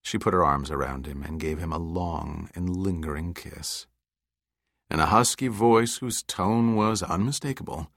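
Deep-voiced man narrating an audiobook. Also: unhurried, creaky, fairly bright tone, dry recording, clean studio sound. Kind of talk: scripted narration.

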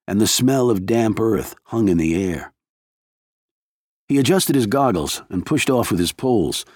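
Low-ish guy reading a thriller audiobook, steady pace, super dry recording. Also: no echo. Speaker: audiobook narrator. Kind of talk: scripted thriller narration.

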